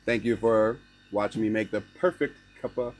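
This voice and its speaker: A young man vlogging, telling a casual story to camera in a lively, slangy way, with lots of "like" and "right?", dropping in learner Norwegian words. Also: on the low side, normal speed, faint music behind. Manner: slips into learner's Norwegian phrases.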